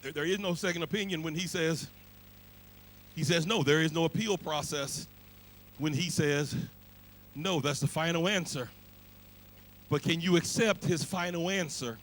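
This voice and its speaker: A male pastor preaching a sermon, moving from quiet, pleading passages to shouted, half-sung climaxes, with a Black church cadence. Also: a little high, normal speed, a little hiss or hum, poor audio.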